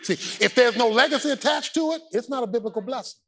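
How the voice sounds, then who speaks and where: A male pastor preaching a sermon, building from steady teaching to fervent, shouted exhortation. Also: extremely high pitch, fast, slight background noise.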